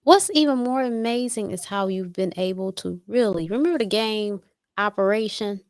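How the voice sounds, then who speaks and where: A woman's voice: medium pitch, normal speed, darkish tone, no echo, studio quality. A woman hosting an interview, loose and enthusiastic, swearing casually as she asks her questions. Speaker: interview host.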